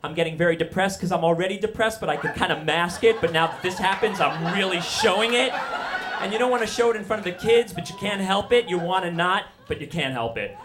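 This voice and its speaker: A man's voice: sits high, quick pace, background noise. Rambling self-deprecating storytelling man. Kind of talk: live personal storytelling.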